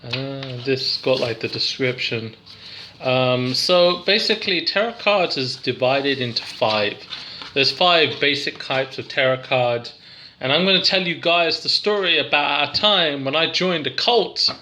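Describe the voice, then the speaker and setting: A man's voice: mid-range voice, expressive, unhurried, bright, forceful tone, a little hiss or hum. A young English man rambling through a casual, giggly, self-deprecating card review.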